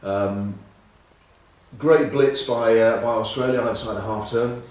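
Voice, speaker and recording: A man's voice: medium pitch, steady tone, measured pace, a little mellow. Rambling English man, echoey and distant. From England. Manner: rambling, self-mocking anecdotes with many ums. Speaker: rugby pundit. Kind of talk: casual chat.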